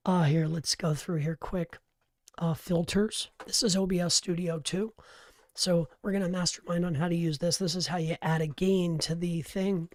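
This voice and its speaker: A hoarse man with a worn-out voice hosting a casual live stream, talking close to the mic in an animated, chatty way. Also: fairly high pitch, normal speed, no room sound. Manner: animated, chatty, laughs easily. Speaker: host of a live coaching stream. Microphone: close-up microphone.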